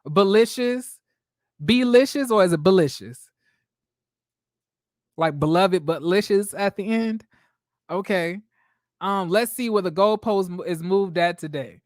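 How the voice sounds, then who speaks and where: Woman, late twenties, livestream host; sassy, chatty, mid pitch, dry close mic. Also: normal speed, dry recording. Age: 20s. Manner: chatty, greeting viewers by name, sassy asides. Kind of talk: casual livestream commentary.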